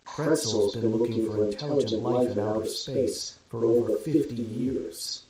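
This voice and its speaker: A man's voice: mid-range voice, measured pace, lightly acted. A man voicing an eager, chatty young male companion in a storybook reading. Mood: amused. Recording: very echoey room with crowd noise.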